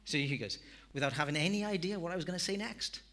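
A man, a pastor, telling a story in a sermon with self-deprecating, animated delivery. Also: a little high, quick pace.

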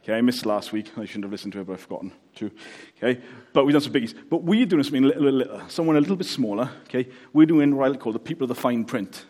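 A man's voice: mid-range voice, animated, very fast, few pauses, darkish tone. A Welsh man preaching a casual, joking sermon, often checking in with the congregation. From Wales. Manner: chatty, joking, checks in with "okay?".

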